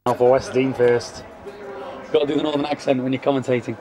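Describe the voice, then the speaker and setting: A man giving casual, deadpan mock commentary at an amateur football match outdoors. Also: medium pitch, fast talker. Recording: loud crowd around the mic. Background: crowd noise.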